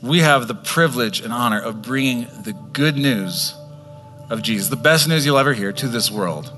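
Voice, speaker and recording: A man's voice: mid-range voice, moderate pace, sharp tone, big-room sound, soft background music. A man in the role of pastor, earnestly encouraging the congregation as he closes the service. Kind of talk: sermon wrap-up.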